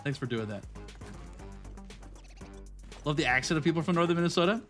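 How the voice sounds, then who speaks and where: Man, 30s, gaming streamer, high voice, casual chat with viewers, chatty and upbeat, faint game music behind. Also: a bit bright. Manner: chatty, upbeat, quick to laugh, talks straight to chat.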